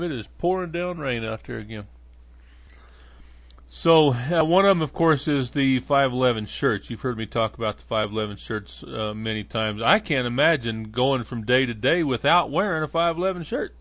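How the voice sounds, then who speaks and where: A man's voice: medium pitch, normal speed, a bit bright, dry recording. A man hosting a podcast in a casual monologue, rambling along with many fillers and restarts. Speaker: podcast host. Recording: dull lo-fi dry sound.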